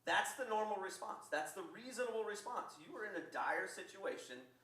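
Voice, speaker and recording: A man preaching a sermon as pastor, telling the story in a lively way and acting out the quotes. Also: high-pitched, normal speed. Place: church. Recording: echoey church from far off.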